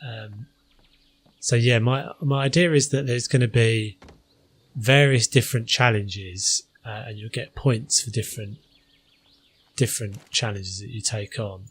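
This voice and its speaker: A man's voice: lowish voice, fairly even intonation, measured pace, breathy edge. A man hosting a gaming channel, talking through his gameplay in a casual, hesitant way with many fillers.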